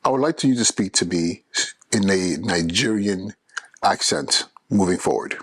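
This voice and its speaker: Male podcast host, educator, earnest and persuasive, deep voice, husky, dry close sound. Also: normal speed, dry recording. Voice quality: earnest and persuasive, with frequent restarts. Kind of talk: solo podcast talk.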